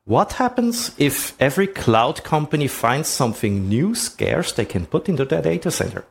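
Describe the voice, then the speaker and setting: Man with a lively, swooping voice. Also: mid-range voice, moderate pace, vocal fry. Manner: rhetorical questions, conversational. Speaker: presenter. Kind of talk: explanatory talk with slides.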